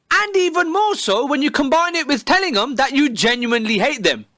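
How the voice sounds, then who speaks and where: A man's voice: very high-pitched, pushed and bright, no echo, studio quality. A man delivering a sarcastic, heavily profane comedic monologue, recorded on a phone. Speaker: comedy video creator.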